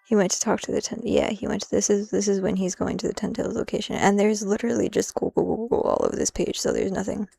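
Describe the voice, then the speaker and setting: A woman's voice: mid-range voice, expressive, quick pace, gravelly, hardly any pauses, mellow, slightly rough, soft background music. A woman live-streaming as she translates a manga, thinking aloud in a rambling, self-interrupting way and dropping in Japanese phrases.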